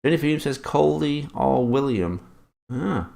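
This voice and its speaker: Man, gravelly, mid-pitched, live-stream quiz host, casual swearing. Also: lively intonation, moderate pace, a little mellow. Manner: swears often and teases the chat. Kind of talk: live-stream chat reading.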